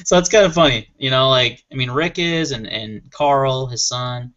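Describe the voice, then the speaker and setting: Man, casual panel chat, enthusiastic, rambling, average pitch, dull lo-fi sound. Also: normal speed, a bit bright. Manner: rambling, enthusiastic, laughs often. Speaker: panel member on a gear chat show. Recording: muffled lo-fi audio.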